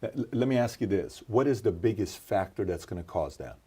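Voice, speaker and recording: A man's voice: on the low side, animated, a little fast, warm tone, husky. A man hosting an interview, asking curious questions and often stumbling over his words. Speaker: interview host.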